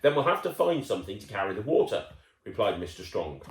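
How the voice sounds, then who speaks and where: A man's voice: fairly low pitch, very animated, fast, roomy sound. A man reading a children's picture book aloud, playful and chatty, breaking off to talk with the child listening. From United Kingdom. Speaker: children's storyteller.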